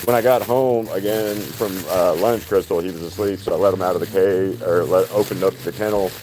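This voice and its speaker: A man's voice: sits low, steady tone, fairly quick, darkish tone, a little hiss or hum. A man chatting casually on a live painting stream, rambling with many fillers and restarts.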